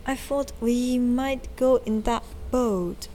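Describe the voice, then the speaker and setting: A woman voicing a gentle, dreamy little male character who speaks hesitantly. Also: fairly high pitch, steady tone, slow, slight background noise, pitched above the performer's own voice. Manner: hesitant, soft-spoken.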